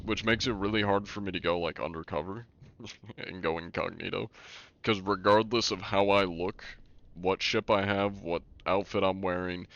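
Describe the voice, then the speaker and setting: Brief: a relaxed male game streamer, fairly low voice, casual chat with viewers. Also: dull audio. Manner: laid-back, chuckling, reads chat aloud.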